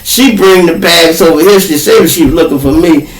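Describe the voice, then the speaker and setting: A man with a Chicago accent, hosting a podcast and telling a story in a loose, profane, animated way, acting out the people in it. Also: fairly high pitch, normal speed. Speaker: podcast host. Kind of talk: casual storytelling. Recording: roomy, distant from the mic.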